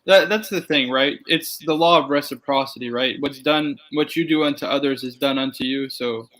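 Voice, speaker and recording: A young man from Canada telling a story in a relaxed chat, with lots of fillers. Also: medium pitch, normal speed, low-quality recording. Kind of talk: casual chat.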